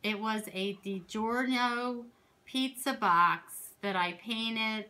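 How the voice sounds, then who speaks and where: A woman from Pennsylvania, a crafting vlogger, chatting casually as she shows her projects, rambling and excitable with many asides. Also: a little high, slow. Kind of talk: casual chatty show-and-tell.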